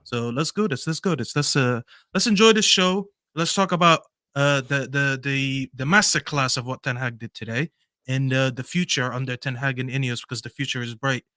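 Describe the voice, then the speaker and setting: A man's voice: mid-range voice, moderate pace, pushed and bright, dry recording, studio quality. A man joining a football show by video call as a guest, rambling and tripping over repeated words. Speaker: guest pundit. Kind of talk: casual football chat.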